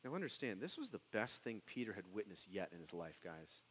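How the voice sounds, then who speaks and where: A man preaching a sermon, animated, dropping to hushed tones and then rising into loud, excited bursts. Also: fairly low pitch, a little fast, big-room sound, a little hiss or hum, rough recording. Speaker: pastor.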